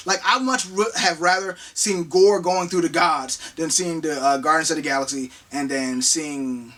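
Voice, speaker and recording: A man's voice: high-pitched, moderate pace, hardly any pauses, bright, forceful tone, recorded from a distance. A man co-hosting a casual movie review chat, rambling and slangy, with a taste for big words. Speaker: co-host of movie review show.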